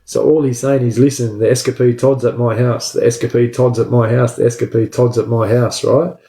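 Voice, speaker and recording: A man's voice: mid-range voice, a little fast. Profane man telling a yarn. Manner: profane, animated, says "bro" and "right?" constantly. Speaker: storyteller recounting his prison escape. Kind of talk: casual storytelling. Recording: roomy echo.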